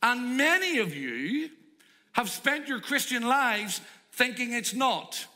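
Male preacher giving a sermon, high-ish lively voice, big echoey church hall. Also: slow pace. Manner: animated, emphatic, plays out stories.

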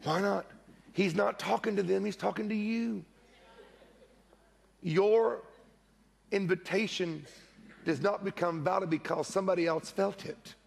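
Gravelly, high-pitched man preaching a sermon. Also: unhurried, long pauses. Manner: animated storytelling preacher, acts out quoted voices. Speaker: pastor. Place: church.

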